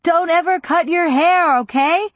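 A woman voicing a playful young college man who shouts over loud party music. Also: on the high side, moderate pace, no echo, voice pushed up, close to an everyday voice. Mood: yelling.

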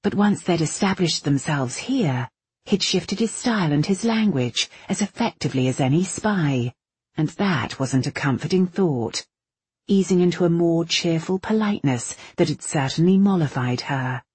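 A woman reading an audiobook in steady, even scripted narration. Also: low-pitched, moderate pace, husky, no room sound.

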